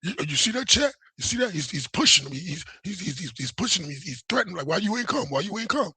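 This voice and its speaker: Brief: man doing a whiny, stammering, paranoid accuser, higher than his own voice, husky edge. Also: sing-song, fast talker, sharp tone, dry recording, heavily acted. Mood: mocking.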